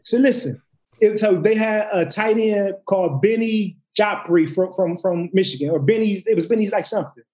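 A man's voice: high-pitched, normal speed, hardly any pauses. A man, a former football player, telling stories in casual chat, acting out quotes and restarting his sentences often. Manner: animated, acts out quotes, lots of restarts and swearing. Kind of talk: casual storytelling.

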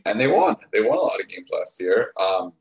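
A man co-hosting a casual sports talk show, speaking in a rambling, halting way with many restarts. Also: low-pitched, lively intonation, creaky, poor audio. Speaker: podcast co-host.

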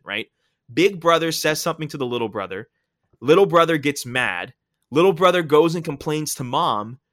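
A man with a bright, forceful voice talks sports in a relaxed, explanatory way. He stresses key words and keeps asking "right?" to drive his points home. The sound is close and dry. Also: medium pitch, dry recording. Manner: explanatory, emphatic, often tags points with "right?". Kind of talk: casual sports commentary.

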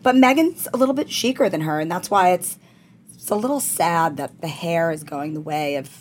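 A woman's voice: lowish voice, moderate pace, a little hiss or hum. A woman co-hosting a podcast in casual chat, bubbly and gushing with enthusiasm. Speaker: podcast co-host.

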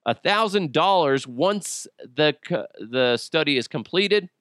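A man's voice: medium pitch, lively intonation, unhurried, few pauses, fairly bright tone, clean tone, no echo, studio quality. A man hosting a podcast alone, joking crudely and riffing in a casual comic monologue. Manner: joking, crude, puts on silly voices. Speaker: podcast host.

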